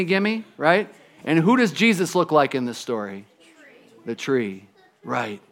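A pastor telling a story and preaching to children, animated, swinging from loud lifts to quiet drops. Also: male voice, fairly high pitch.

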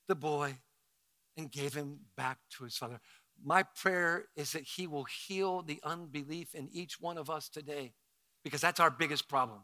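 Bright-voiced man preaching a sermon. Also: on the high side. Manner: swings from hushed intimacy to shouted preaching. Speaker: pastor. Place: church with several campuses.

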